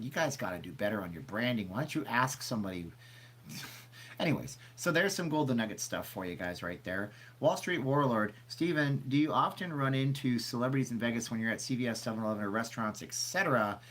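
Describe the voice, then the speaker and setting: A man hosting a casual livestream, rambling and chatty as he reads questions from the chat aloud, sniffly from seasonal allergies. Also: lowish voice. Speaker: channel host answering live chat.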